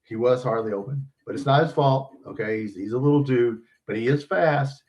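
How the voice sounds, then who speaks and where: A man's voice: mid-range voice, brisk, darkish tone. A man hosting a casual sports podcast, rambling and joking with profanity. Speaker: podcast host.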